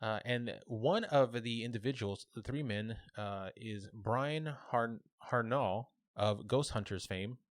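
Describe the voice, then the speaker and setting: A man co-hosting a podcast, casually telling a local legend with relaxed fillers and restarts. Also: mid-range voice, slow pace, hardly any pauses, no room sound, studio quality. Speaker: podcast co-host.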